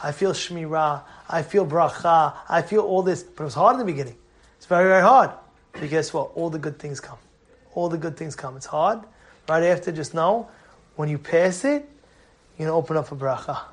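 A man's voice: fairly high pitch, a little fast, long pauses. A man, a rabbi teaching a live class, speaking emphatically and repeating his points. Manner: emphatic, repetitive, animated storytelling. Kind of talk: live Torah class sermon.

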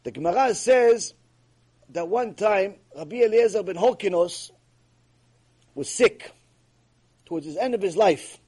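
A man's voice: high voice, animated, unhurried, long pauses, darkish tone, slightly rough. A man giving a mussar lecture as a Torah teacher. He is emphatic, repeats himself and asks many rhetorical questions.

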